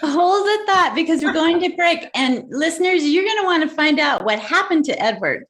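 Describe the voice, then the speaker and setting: High, lively woman podcast host. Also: moderate pace. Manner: laughing, interrupts playfully to cut to a break. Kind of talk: casual interview chat.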